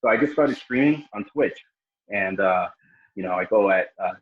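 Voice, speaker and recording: Guest man, low husky voice, relaxed rambling chat, dull lo-fi mic. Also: moderate pace. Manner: laid-back, rambling plugs. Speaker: guest streamer. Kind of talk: casual podcast chat.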